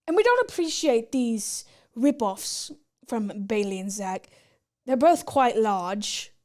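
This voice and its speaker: A woman's voice: a little high, sing-song, slow, darkish tone. A woman playing a smug mock-posh British gent. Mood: haughty. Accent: put-on British English. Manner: mock-patriotic, haughty. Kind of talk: comedy sketch.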